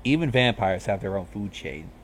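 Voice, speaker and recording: A man's voice: fairly low pitch, expressive, moderate pace, a little hiss or hum. A man reading a fan fiction story aloud, casual with wry asides. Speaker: reader.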